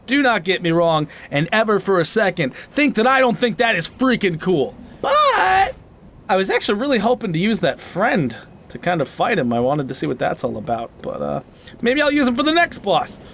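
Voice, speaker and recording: A man giving comic let's-play commentary, excitable and self-mocking, trash-talking enemies with sudden shouts. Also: high-pitched, normal speed, slight background noise. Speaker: gaming channel host.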